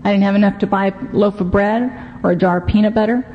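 A middle-aged woman with a steady, mid-range voice talks fast as she shares her story at a recovery meeting. She is candid and self-deprecating, saying "you know" a lot. The recording is muffled and lo-fi, with faint hiss.

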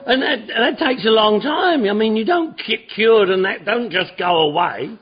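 A man's voice: sits high, expressive, moderate pace. A man giving a personal recovery testimony at a meeting, rambling and repetitive with stammering restarts. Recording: dull lo-fi recording.

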